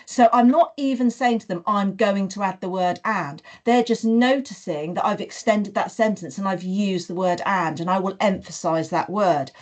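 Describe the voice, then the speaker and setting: A woman talks through classroom practice in a teacher-training webinar. She speaks earnestly at a middle pitch, scatters "you know" through her sentences, and slips into model sentences as if speaking to young children. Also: moderate pace, hardly any pauses.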